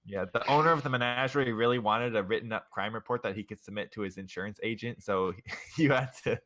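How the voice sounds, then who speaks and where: A man's voice: lowish voice, fast talker, a bit bright. A young man running a tabletop game as game master, loose and chatty, often laughing.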